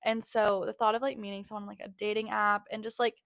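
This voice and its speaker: A woman's voice: medium pitch, fast, vocal fry, dry recording, studio quality. A woman in her twenties hosting a podcast, telling dating stories in a candid, profane, dramatic way with lots of "like". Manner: candid and profane, heavy use of "like"; animated, dramatic storytelling. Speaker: podcast host. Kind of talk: casual storytelling monologue.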